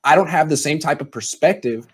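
Man, host, sports talk panel, husky, fairly high voice, measured, dry humor.

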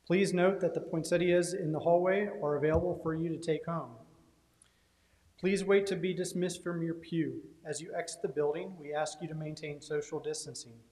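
A man reads church announcements in a plain, even manner. His voice is a bit high for a man. The room sounds roomy and echoey, with a long reverb. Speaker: lector. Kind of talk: parish announcements.

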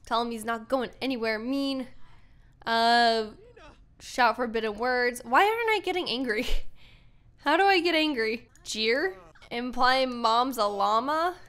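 A woman's voice: on the high side, measured pace, a bit bright. A young woman giving casual, chatty commentary while playing a life-sim game, thinking aloud and often giggling. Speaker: gaming YouTuber. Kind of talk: casual let's-play commentary.

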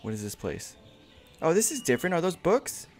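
A man casually commentating his own game playthrough, excited, slangy, and swearing freely. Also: on the high side, fairly quick, faint music behind. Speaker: gamer. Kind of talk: casual let's play commentary.

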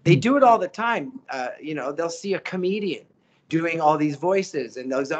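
A man, a voice actor telling stories as an interview guest, animated and slipping into character voices. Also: fairly high pitch, moderate pace, slight background noise. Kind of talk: casual storytelling interview.

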